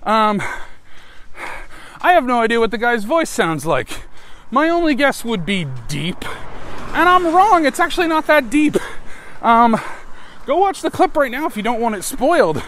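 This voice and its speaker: A man's voice: very high-pitched, sing-song, unhurried, pauses often, a bit bright, slight background noise. An American man hosting an improvised podcast, rambling and irreverent, with frequent swearing. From United States. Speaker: podcast host. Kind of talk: improvised casual monologue.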